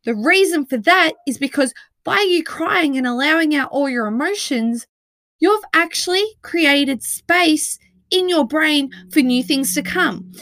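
High-voiced woman host, casual supportive podcast talk, dry close sound, easygoing and encouraging. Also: a bit bright, no room sound. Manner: chatty and reassuring, many "like" fillers, laughs often.

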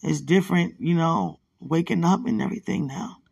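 Soft-spoken woman with a gravelly, husky voice, murmuring an intimate late-night phone message from bed. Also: on the low side, lively intonation, moderate pace, no room sound. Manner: soft, hushed, rambling and affectionate, often religious. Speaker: partner leaving a voice message. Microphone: phone held close to the mouth.

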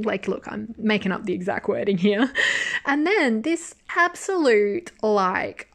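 A woman giving a casual spoken review of a drama, animated and swearing freely as she vents, then laughing it off. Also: medium pitch.

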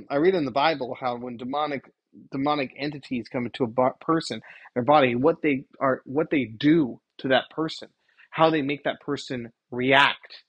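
A man's voice: fairly high pitch, normal speed, a bit bright, slightly rough. A man giving an informal preaching monologue, rambling and correcting himself as he retells scenes and quotes scripture. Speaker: Christian commentator.

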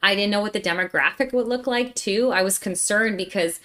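A young woman from Pennsylvania chats as a guest, telling her story with lively energy. She laughs easily and acts out what people said. Her voice sits at an ordinary middle pitch. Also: fairly quick. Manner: animated, acts out dialogue, laughs often. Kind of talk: casual storytelling.

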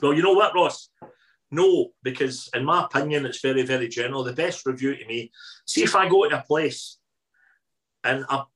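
A Scottish man in his fifties, a guest in an interview, telling lively anecdotes in casual chat and repeating phrases for emphasis. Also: medium pitch, moderate pace, poor audio. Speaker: interview guest, food columnist.

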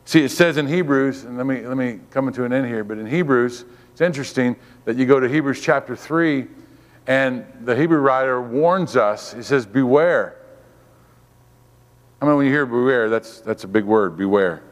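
A man's voice: medium pitch, moderate pace, in a large hall. A man giving a sermon as a guest preacher, fervent and repetitive, calling on the congregation to respond. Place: church.

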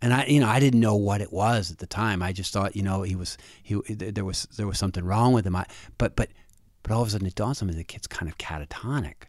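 A man telling a personal story in a halting way, often restarting and repeating words, and often quiet and low. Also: dry recording, clean studio sound.

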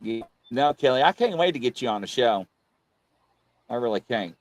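A man's voice: mid-range voice, expressive, normal speed. A man with a Birmingham accent hosting a casual livestream chat, rambling and repeating himself often. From England. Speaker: host.

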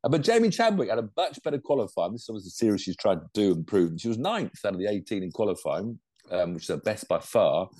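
An older man, co-hosting a motorsport roundup in animated, rambling casual chat. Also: on the low side, fast talker, hardly any pauses, dry recording, clean studio sound. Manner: animated, rambling, lots of restarts and laughs. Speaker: co-host of a motorsport show.

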